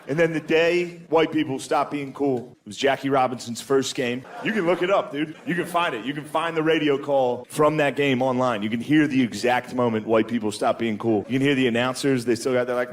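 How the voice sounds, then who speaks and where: Crude stand-up comic with many impressions. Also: male voice, mid-range voice, brisk, few pauses, crowd noise. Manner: crude, deadpan storytelling with frequent impressions. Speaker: stand-up comedian. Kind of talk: stand-up comedy set.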